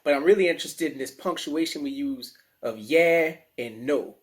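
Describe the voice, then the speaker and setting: A man with a New Orleans accent, teaching children in a playful, slangy, animated way. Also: on the high side, moderate pace. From New Orleans, USA. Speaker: teaching artist. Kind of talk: children's lesson to camera.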